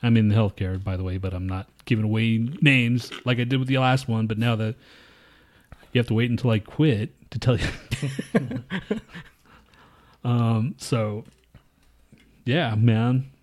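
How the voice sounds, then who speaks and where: A man's voice: mid-range voice, steady tone, moderate pace. A man in his thirties co-hosting a podcast, telling a long story in a rambling, profane way and acting out his coworkers' lines. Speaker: podcast co-host. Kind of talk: casual chat.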